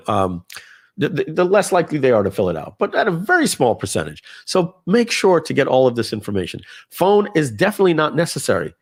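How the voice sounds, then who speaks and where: A man giving a casual live software demo, talking viewers through settings with fillers and asides. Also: mid-range voice. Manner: lively, conversational, with frequent fillers and asides. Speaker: software trainer.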